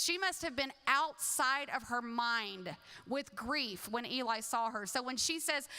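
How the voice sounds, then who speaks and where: A woman's voice: sits high, unhurried, bright, forceful tone, in a large hall. A woman pastor preaching a sermon in a conversational, humorous way, acting out quotes.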